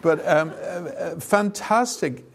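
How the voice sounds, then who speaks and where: Slow and fairly high-pitched with vocal fry, a man runs an informal sermon and Bible teaching session where the audience joins in. He keeps it conversational, full of asides and fillers.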